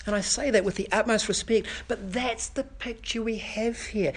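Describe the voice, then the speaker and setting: A man's voice: high voice, fairly even intonation, normal speed, hardly any pauses, husky. Earnest man preaching a sermon. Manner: earnest, builds through repeated rhetorical questions. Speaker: pastor. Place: church service.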